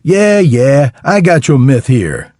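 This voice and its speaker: A man's voice: mid-range voice, sing-song, takes it slowly, a little mellow, no echo, clean studio sound. A man voicing a cocky Texan male Navy sniper who talks in a laid-back drawl and trades salty banter. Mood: teasing. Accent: Texas.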